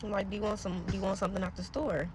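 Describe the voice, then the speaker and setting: A woman's voice: medium pitch, little pitch movement, rapid-fire, over music. A woman earnestly recounting a personal faith story to her followers. She rambles, trails off and keeps speaking to viewers directly. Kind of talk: casual spoken testimony to followers.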